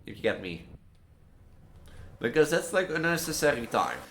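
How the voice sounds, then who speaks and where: A man's voice: fairly high pitch, big pitch swings, moderate pace, a bit bright. Rambling man commentating a game. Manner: rambling, filler-heavy musing with many "like"s. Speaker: gameplay streamer. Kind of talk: casual let's-play commentary.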